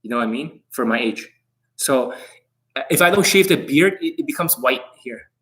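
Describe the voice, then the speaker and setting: A man's voice: medium pitch, lively intonation, moderate pace, fairly bright tone. A middle-aged man, a dating coach, talking on a live stream in an intense, rambling, profane way that can come across as angry.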